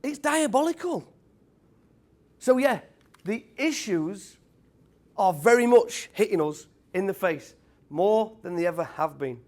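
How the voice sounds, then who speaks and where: A British man in his thirties, a former tradesman giving an energetic motivational talk to a live audience and quizzing the crowd. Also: high-pitched, measured pace. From United Kingdom. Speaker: speaker at a property event.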